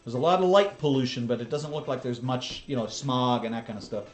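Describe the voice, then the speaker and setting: Soft music runs behind a fairly quick, mid-range male voice. He's an American who hosts a channel, chatting loosely through drone footage with viewers and drifting off into laughing asides.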